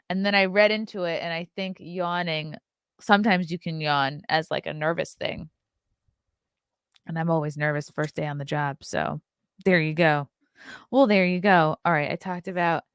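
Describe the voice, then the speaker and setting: A woman's voice: fairly low pitch, clear, resonant tone, no echo, studio quality. A woman hosting a casual morning livestream, chatting loosely with her viewers and yawning now and then. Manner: chatty, keeps yawning and laughing. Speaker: podcast host.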